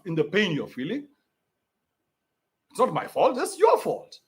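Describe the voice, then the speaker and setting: A man's voice: high-pitched, wildly swooping pitch, a little slow, long pauses. A man with a Kenyan accent hosting a livestream, reading out donations and ranting bluntly with plenty of profanity.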